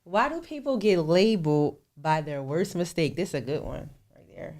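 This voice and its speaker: A woman in her forties co-hosts a candid podcast conversation in a fairly low voice. She asks direct, probing questions and pushes back plainly when she disagrees. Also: lively intonation, moderate pace, a little mellow. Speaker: podcast co-host.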